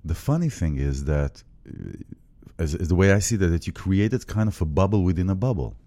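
A man's voice: deep voice, animated, brisk, dark tone. A man hosting an interview, listening with short replies and then offering thoughtful reflections. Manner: reflective, gives frequent short backchannels. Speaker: interviewer, host. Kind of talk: casual interview.

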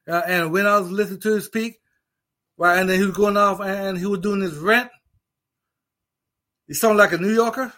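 A man's voice: high-pitched, a bit bright. A middle-aged man with an accent, a veteran, giving a casual, emphatic opinion monologue with many restarts. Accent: non-native English. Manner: emphatic, repetitive, restarts often. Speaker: veteran commentator.

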